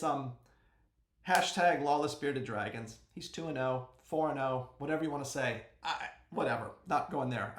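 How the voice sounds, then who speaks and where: A man hosting a casual fantasy sports podcast, chatty and joking, sometimes bursting into a yell. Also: on the high side, reverberant. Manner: chatty and joking, with sudden yells. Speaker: podcast host.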